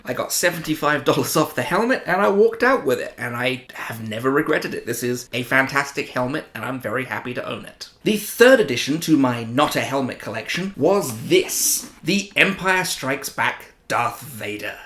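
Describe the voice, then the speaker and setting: A man's voice: mid-range voice, normal speed, few pauses. British man telling stories in an echoey room. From United Kingdom. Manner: animated, self-amused storyteller. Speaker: collector vlogger. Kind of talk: casual storytelling. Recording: roomy echo.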